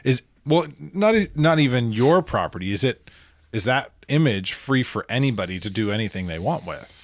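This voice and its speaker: A man co-hosting a casual podcast, talking haltingly, often trailing off and restarting. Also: medium pitch, big pitch swings, no room sound, clean studio sound. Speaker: podcast co-host. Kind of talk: casual chat.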